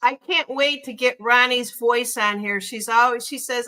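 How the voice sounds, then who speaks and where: A woman's voice: a little high, moderate pace, hardly any pauses, sharp tone. A woman hosting a casual podcast chat, upbeat and talkative as she reads out viewer comments. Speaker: host.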